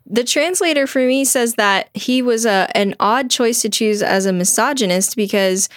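A woman's voice: fairly high pitch, normal speed, no echo, studio quality. A young woman co-hosting a casual podcast, retelling a play with laughs and animation. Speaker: podcast co-host.

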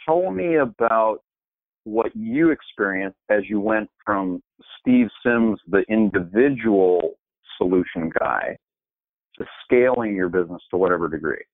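A man's voice: lowish voice, lively intonation, measured pace, dry recording. A man hosting an interview, asking questions and chiming in with short agreements. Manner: brief affirming interjections. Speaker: interviewer, host. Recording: tinny phone-like line, dry.

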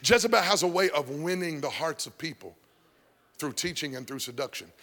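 Man, pastor, sermon, bright forceful tone, shouts and sung lines, echoey church hall. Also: a little high, lively intonation, a little fast. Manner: preaching with sudden shouts and sung phrases, then dropping to a hush. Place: church sanctuary.

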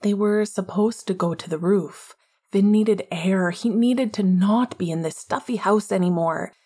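A woman reading a novel aloud in a quiet, steady, breathy voice. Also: on the low side. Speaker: audiobook narrator. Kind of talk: scripted narration.

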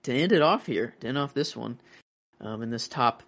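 A young man talking movies on a casual podcast, in a middle-pitched voice. He rambles and restarts, full of fillers, and his excitement runs ahead of his words. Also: normal speed, vocal fry. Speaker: podcast co-host.

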